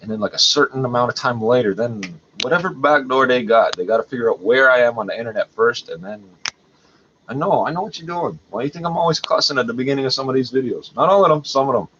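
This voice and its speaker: A man's voice: medium pitch, lively intonation, fast talker, a bit bright. A man at home hosting a livestream, rambling in an agitated, profane way. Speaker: livestream host. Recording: dull lo-fi audio with faint noise.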